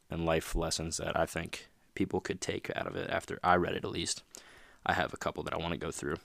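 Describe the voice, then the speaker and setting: A man's voice: deep voice, gravelly, no room sound. A man hosting a motivational podcast, talking casually with plenty of fillers and restarts. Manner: rambling, lots of fillers and you-knows. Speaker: podcast host.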